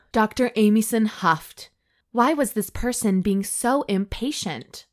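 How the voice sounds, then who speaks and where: A woman's voice: mid-range voice, expressive, slow. A woman co-hosting a comedy podcast, reading an erotic story aloud with mock drama and stopping to joke. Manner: reads with mock drama, stops to joke and laugh.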